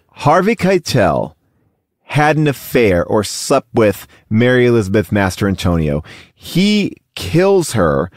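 A man's voice: medium pitch, huge pitch swings, slow, no room sound, clean studio sound. A man co-hosting a podcast, talking about a film in a rambling way with many restarts. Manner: rambling, many restarts, breaks into character voices. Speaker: podcast co-host. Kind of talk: casual film discussion.

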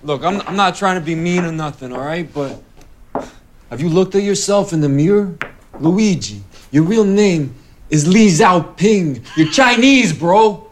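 A man's voice: high voice, lively intonation, a little slow, slight background noise. An actor playing a blunt, streetwise young man confronting his friend in a movie clip. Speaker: film character. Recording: movie clip with faint music.

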